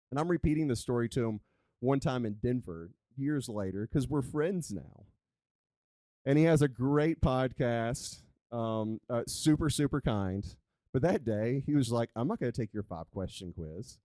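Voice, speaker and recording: A man telling a live story on stage as a coach, animated and conversational. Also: mid-range voice, moderate pace, dry recording. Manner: animated, conversational, chatty with "like" fillers. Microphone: handheld microphone.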